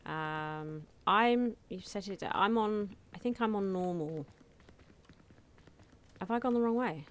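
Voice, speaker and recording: A woman's voice: medium pitch, takes it slowly, long pauses. A woman chatting casually and giggling as she live-streams a video game from home on a desk mic. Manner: chatty, giggly, talking to chat while playing.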